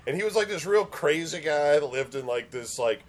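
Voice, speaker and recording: A man co-hosting a casual podcast chat, recounting things in a relaxed way with many "like"s. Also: fairly high pitch, a little fast, faint music behind. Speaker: podcast co-host.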